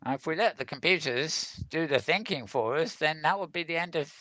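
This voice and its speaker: A man's voice: on the high side, lively intonation, a little fast, bright, forceful tone, no echo. A man hosting a casual tech news show, rambling and chuckling as he goes. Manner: rambling, chuckling, self-mocking.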